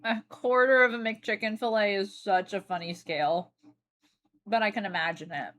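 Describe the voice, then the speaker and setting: Bright-voiced woman chatting on stream. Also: medium pitch, normal speed. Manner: chatty, dry and matter-of-fact. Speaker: livestreamer. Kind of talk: casual chat with stream viewers. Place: seated at a desk.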